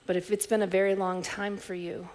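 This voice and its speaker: A middle-aged woman preaching a sermon as a pastor, telling stories in a reflective way with soft restarts. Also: medium pitch, flat delivery, fairly quick.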